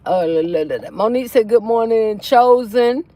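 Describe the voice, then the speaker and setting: Woman, livestream host, reads comments aloud, folksy, in a car, slightly high voice. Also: moderate pace, warm tone. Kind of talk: casual livestream chat reading comments. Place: inside a car.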